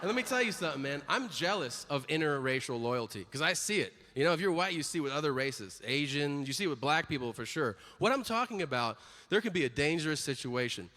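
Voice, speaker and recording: Male stand-up comic, animated delivery with sudden high character voices, live club recording with long hall reverb. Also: fast talker. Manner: animated, jumps into high-pitched voices for quoted people. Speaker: stand-up comedian. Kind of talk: stand-up comedy routine. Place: comedy club stage. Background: audience laughter.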